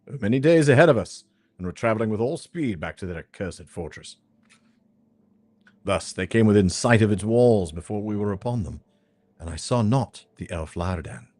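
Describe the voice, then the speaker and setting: Man reading out a grave quest-giver from a fantasy game, solemn archaic wording, lower-pitched voice, rising and falling freely, dry close sound. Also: expressive, moderate pace, darkish tone, no echo. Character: grave male quest-giver addressing a hero.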